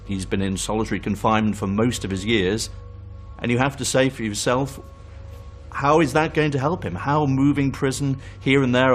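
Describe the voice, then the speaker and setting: A man speaking earnestly in an interview, questioning how the prison system treats an inmate. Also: mid-range voice. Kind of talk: documentary interview.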